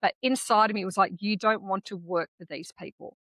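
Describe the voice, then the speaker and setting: An Australian woman co-hosting a podcast, chatting casually and telling candid, animated stories with the odd swear word. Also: mid-range voice, brisk, no room sound. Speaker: podcast co-host. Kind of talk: casual conversational chat.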